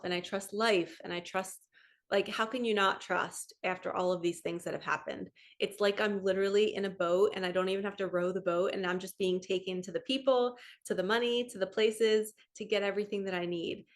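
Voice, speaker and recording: A chatty woman tells a story to her camera at home, with an easy, excitable flow. She speaks at a middling pitch for a woman. She keeps slipping into quick reenactments of what others told her. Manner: chatty and excitable, quoting others in lively retellings. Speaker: spiritual coach and vlogger.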